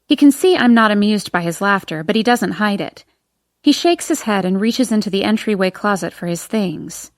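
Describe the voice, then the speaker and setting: A woman narrates a first-person audiobook with expressive, emotional delivery at a moderate pace. Her voice has a middle pitch, and the recording is dry and close, with no echo or room sound.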